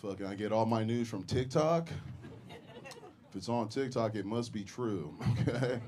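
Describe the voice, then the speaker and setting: A young man doing a stand-up comedy set on a club stage, with crude, deadpan delivery and frequent chuckles at his own jokes. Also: on the low side, unhurried, a little hiss or hum.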